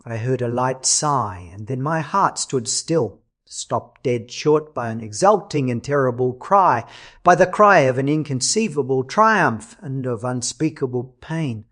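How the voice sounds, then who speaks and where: A man reading a classic novel as an audiobook narrator in a measured, dramatic way. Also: medium pitch, expressive, fairly bright tone.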